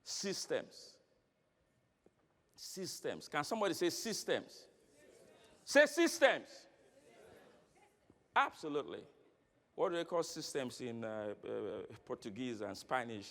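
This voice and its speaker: A man giving a motivational keynote speech at a conference, telling stories with acted dialogue and questioning the audience. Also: mid-range voice. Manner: animated, storytelling with acted dialogue. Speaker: keynote speaker. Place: large conference hall. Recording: long reverb of a large hall.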